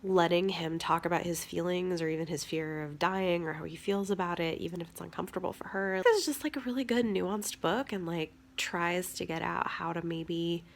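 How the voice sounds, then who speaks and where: A woman's voice: lowish voice, fairly even intonation, normal speed, gravelly, hardly any pauses. A young woman chatting casually on her book vlog, gushing and filling her talk with "like". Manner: chatty, gushing, many "like" fillers. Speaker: book vlogger.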